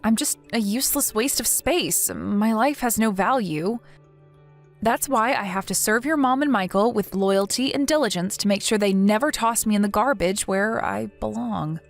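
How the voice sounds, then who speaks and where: A woman's voice: mid-range voice, moderate pace, gravelly, faint music behind, lightly acted. Text-message story: a woman playing a timid, self-loathing young wife, meek and apologetic.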